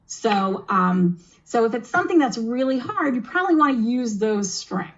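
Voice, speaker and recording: A woman with a slightly high voice runs a tabletop adventure for kids as game master. She explains the rules in a chatty, teacherly way and encourages her player. The sound is dull and lo-fi, like a video call. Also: very animated, moderate pace. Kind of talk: explaining and running a kids' tabletop game demo.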